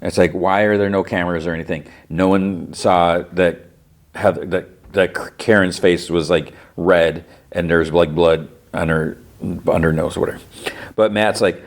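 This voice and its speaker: Deep-voiced man recapping a show. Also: fairly even intonation. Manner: retells scenes in quick quoted dialogue. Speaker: podcast host. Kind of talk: casual recap of a TV episode.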